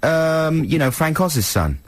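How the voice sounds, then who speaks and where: Man, radio host, slightly husky, jokey, casual chat. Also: fairly high pitch, sing-song, no room sound. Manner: jokey, quick to laugh.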